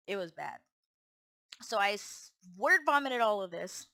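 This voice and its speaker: A woman's voice: fairly high pitch, lively intonation, moderate pace, pushed and bright. A woman vlogger telling a personal story in a rambling way, with restarts and acted-out quotes.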